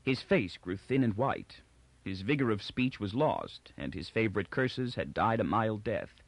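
A man reading an audiobook in measured, scripted narration. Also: lowish voice, expressive, dry recording. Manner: measured storytelling.

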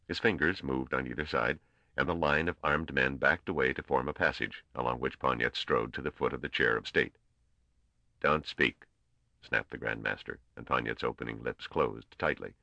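Casting: male audiobook narrator, extremely deep, bright-edged tone, steady reading, dull cassette sound. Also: no echo. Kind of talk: scripted narration.

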